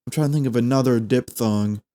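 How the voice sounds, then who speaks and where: A young man, hosting a podcast and chatting casually through a language lesson, repeating phrases slowly as he explains. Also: mid-range voice, mellow. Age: 20s. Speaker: podcast host.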